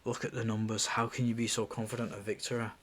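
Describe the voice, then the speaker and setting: A loyal, wary Celtic interpreter who murmurs urgent warnings, read by a man. The voice is lowish and hushed. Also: little pitch movement, quick pace.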